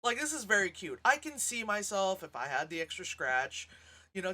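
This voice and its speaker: A woman's voice: medium pitch, fairly quick. A woman giving a casual, frank movie reaction, laughing often and acting out sounds as she talks. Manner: animated, laughs often, acts out sounds and lines. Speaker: movie reviewer.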